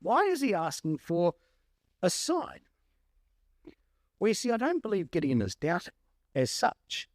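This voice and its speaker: A male preacher giving a sermon, animated and full of rhetorical questions. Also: high voice, measured pace, long pauses, no room sound, studio quality.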